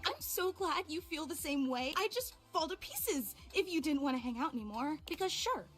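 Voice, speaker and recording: A clingy, gushing superfan. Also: female voice, high-pitched, big pitch swings, normal speed, a bit bright, faint music behind. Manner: gushing, tearful, rambling. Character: clingy, overemotional female fan with stalker habits. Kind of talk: game voice acting.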